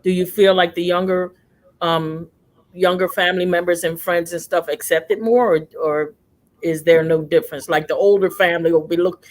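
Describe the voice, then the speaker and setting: A woman's voice: on the low side, normal speed. A woman hosting a casual discussion on a video call, telling stories animatedly and acting out voices. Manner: warm, animated storyteller, acts out voices. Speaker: host.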